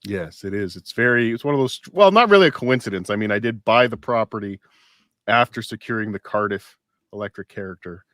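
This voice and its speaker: A man's voice: lowish voice, animated, a little fast, a bit bright, dry recording. Dry-voiced male podcast co-host. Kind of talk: casual podcast chat, reading posts aloud.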